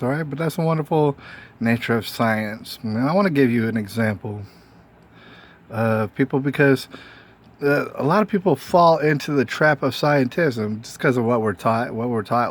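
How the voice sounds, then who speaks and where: A man delivers a solo monologue for his own show. He wanders from point to point, filling gaps with "uh" and "you know," and keeps checking in with rhetorical questions. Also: medium pitch. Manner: meandering, frequent fillers and rhetorical questions. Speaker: host. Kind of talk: casual monologue.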